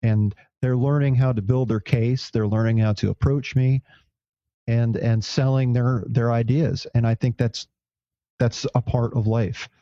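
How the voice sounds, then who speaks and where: A man's voice: medium pitch, steady tone, a little slow, dark tone, dry recording, lo-fi sound. A man co-hosting a podcast, reflecting aloud in casual chat with many restarts. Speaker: podcast co-host.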